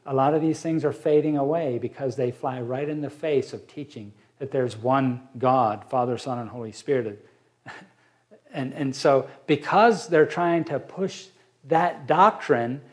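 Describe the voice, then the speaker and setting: A man's voice: on the high side, a little mellow. Man teaching a Bible study. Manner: explains slowly, reads scripture aloud, with fillers.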